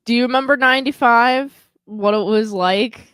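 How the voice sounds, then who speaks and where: A woman's voice: fairly high pitch, moderate pace, a bit bright, clear, resonant tone, no echo. A woman co-hosting a podcast in casual chat, rambling and hedging with lots of filler words. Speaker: podcast co-host.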